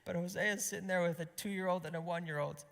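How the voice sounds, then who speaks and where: A man preaching an impassioned sermon to a gathering, swinging between loud emphasis and hushed whispers. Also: sits high, steady tone, fast, vocal fry. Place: gathering hall. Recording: long hall reverb.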